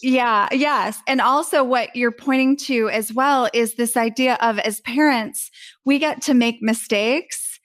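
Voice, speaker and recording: A woman's voice: on the high side, a little slow, fairly bright tone. A woman on a panel, speaking reflectively about parenting, with hesitant starts and fillers. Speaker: summit panelist. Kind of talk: casual panel discussion.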